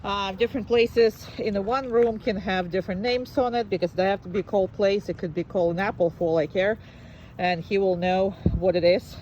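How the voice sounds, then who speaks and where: A woman dog trainer who gushes high sing-song praise at a dog and explains the training to its owner in a relaxed, chatty way with fillers. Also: a little fast, lo-fi sound, slight background noise.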